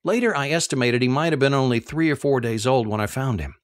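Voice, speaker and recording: A man reading a first-person novel aloud, telling the story in an expressive, animated way. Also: medium pitch, fast talker, no echo. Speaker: audiobook narrator.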